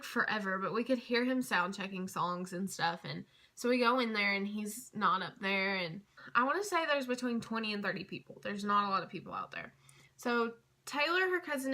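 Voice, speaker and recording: A young woman telling a story in a casual vlog, gushing and chatty with lots of fillers, dropping to a hush at tense moments. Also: medium pitch. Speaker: vlogger.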